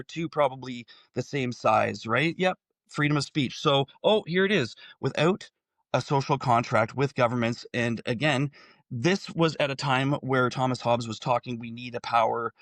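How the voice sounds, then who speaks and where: A man's voice: mid-range voice, fairly bright tone, no echo. A man in his forties giving an impassioned solo commentary, full of rhetorical questions. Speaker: political commentator.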